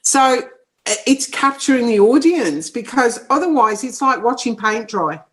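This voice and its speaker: A woman's voice: on the high side, normal speed. A middle-aged woman, a psychic medium telling funny stories in an interview, often breaking into laughter. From New Zealand. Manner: animated, laughing anecdotes. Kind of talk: casual storytelling interview.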